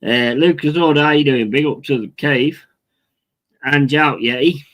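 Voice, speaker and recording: Guy streaming a footy watch-along, pissed off, swearing every other word, bit high pitched. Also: measured pace, a bit bright, poor audio. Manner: swears constantly, repeats himself, chats with viewers. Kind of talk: angry live-stream rant.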